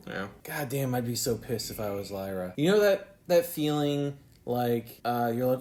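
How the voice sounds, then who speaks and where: A man's voice: medium pitch, animated, a little mellow. Rambling sarcastic man reviewing a show. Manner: rambling, sarcastic, self-questioning; mimics characters in quick put-on voices. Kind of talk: casual solo review.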